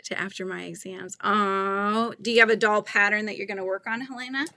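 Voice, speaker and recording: Chatty woman with a gravelly edge. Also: medium pitch, fairly even intonation, a little fast. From California. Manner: thinks aloud, reads viewer comments and pattern steps softly. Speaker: crochet livestream host. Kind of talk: casual live chat while crocheting.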